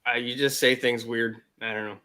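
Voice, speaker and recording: A man's voice: mid-range voice, fairly even intonation, a little fast, bright, forceful tone. A man from Florida chatting on a live stream, rambling and joking. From grew up in Florida, now in Michigan. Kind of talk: casual live stream chat.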